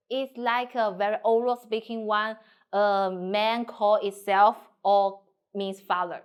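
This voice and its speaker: A woman's voice: mid-range voice, fairly even intonation, slow, smooth. A woman teacher with a Mandarin Chinese accent, speaking in simple English and modeling tones in a singsong way. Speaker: language teacher. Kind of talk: slow explanatory lesson.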